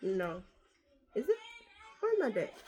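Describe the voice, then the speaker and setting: A woman vlogger chatting casually as she opens card packs, animated and swearing freely. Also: medium pitch, slow pace, muffled recording, a little hiss or hum. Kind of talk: casual chat.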